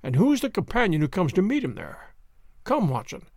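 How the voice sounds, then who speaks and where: A man's voice: high-pitched, creaky, no echo, clean studio sound, exaggerated voice. A man doing a cool, wry detective. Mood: measured. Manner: calm, measured, wry. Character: cool, shrewd male detective.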